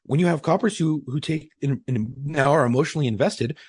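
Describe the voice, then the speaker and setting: A man's voice: fairly high pitch, a little fast, slightly rough, no room sound, studio quality. A man who is a former Marine and police officer, co-hosting a podcast in casual chat, profane, trading stories. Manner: profane, storytelling, repeats words when starting. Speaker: podcast co-host.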